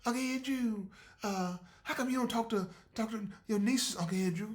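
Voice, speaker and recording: A man's voice: sits high, normal speed, voice pushed up, close to an everyday voice. A man voicing his teenage niece, an earnest girl who keeps coaxing and repeating his name. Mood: pleading. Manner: coaxing, repeats "Uncle Andrew".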